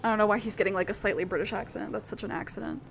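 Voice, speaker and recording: A woman's voice: mid-range voice, rapid-fire, vocal fry, slight background noise. A young woman streaming a video game, chatting casually in a rambling, giggly way. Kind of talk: casual chat while playing a video game.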